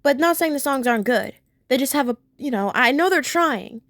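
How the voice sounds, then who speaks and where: A woman's voice: sits high, animated, brisk, fairly bright tone, dry recording, studio quality. A woman chatting casually as she reviews a cartoon episode, rambling and restarting her sentences as she gushes about it. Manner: gushing, acts out characters' lines in voices.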